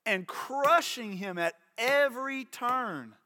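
A high-voiced, bright-toned man delivers a sermon from the pulpit. He preaches with fervor, stumbling over repeated words and slipping into quick acted voices. The sound is close and dry, with no room around it. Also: animated, no echo. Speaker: pastor.

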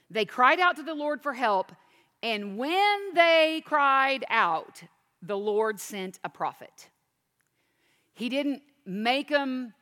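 A woman's voice: mid-range voice, fairly bright tone, long reverb tail. A woman teaching a sermon, reading scripture aloud and then explaining it with questions to the listeners. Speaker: Bible teacher.

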